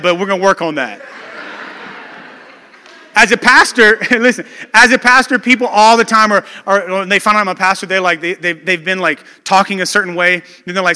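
A man's voice: sits high, a little fast, pushed and bright, big-room sound. A man preaching a sermon as pastor, talking in a loose conversational way, telling stories and often restarting his sentences.

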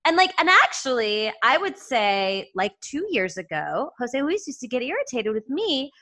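Woman, Southern US accent, 40s, podcast co-host, chatty, higher-pitched. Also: very animated, moderate pace, bright, forceful tone. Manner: chatty, laughs easily, swears casually. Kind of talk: casual chat.

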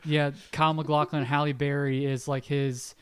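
Podcast guy rambling on about a movie, smooth clear voice, kinda high. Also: little pitch movement, normal speed. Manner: rambling, restarts, many "like"s. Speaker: podcast co-host. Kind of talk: casual chat about movies.

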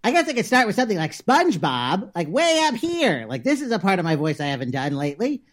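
A man voicing a hyper male cartoon sea sponge in a very high, squeaky, bouncy voice. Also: huge pitch swings, fast talker, heavily acted. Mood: giddy.

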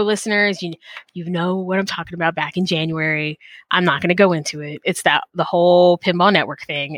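A woman hosting a podcast in casual chat, animated and full of fillers, acting out her own quotes, speaking into a headset mic. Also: medium pitch, no echo. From Texas. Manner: chatty, animated, many fillers and acted-out quotes. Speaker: podcast host. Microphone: call center headset.

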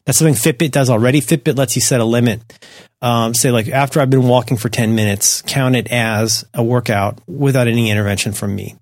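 A man co-hosting a casual tech podcast, talking in animated bursts with skeptical, self-deprecating asides, on a close microphone. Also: medium pitch, a little fast, no room sound. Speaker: podcast co-host.

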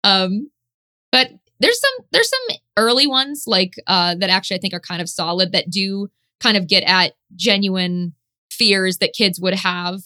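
A woman talks casually as a podcast guest, quick to get excited and loose with her language. Her voice is bright and forward, with a medium pitch. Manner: chatty, excitable, casual swearing. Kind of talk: casual chat.

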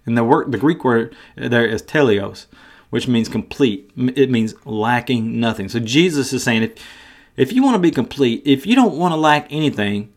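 A man's voice: mid-range voice, animated, normal speed. A man teaching a Bible study podcast in an earnest manner, often restarting his words. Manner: earnest, frequent word restarts.

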